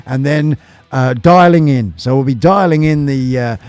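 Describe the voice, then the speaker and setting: A man's voice: medium pitch, moderate pace, a little mellow, clean tone, no echo. A man with an Australian accent hosting a casual live stream, chatting in a rambling way with plenty of fillers.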